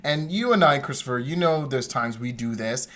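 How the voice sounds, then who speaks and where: A male podcast co-host tells stories in a lively, animated way, acting out the voices of the people he quotes. His voice sits in the mid-range and he speaks at a moderate pace during this casual storytelling chat.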